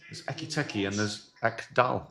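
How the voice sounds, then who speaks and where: A middle-aged man co-hosting a football reaction, mixing excitable, jokey play-by-play with casual banter. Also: on the low side, moderate pace, gravelly. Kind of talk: casual live-reaction commentary.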